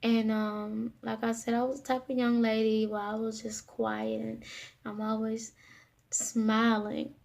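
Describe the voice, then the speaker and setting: A woman with a somewhat high voice and a lot of gravelly fry tells a personal story straight to camera. She talks haltingly, filling pauses and restarting her sentences. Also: flat delivery, darkish tone. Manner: halting, with frequent fillers and restarts. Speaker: vlogger.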